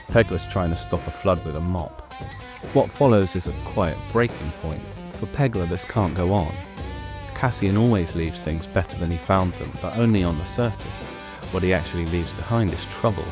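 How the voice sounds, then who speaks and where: A man giving a scripted, measured breakdown of a TV episode, with some rambling off-script asides. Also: low voice. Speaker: show commentator. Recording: voice over clear guitar music.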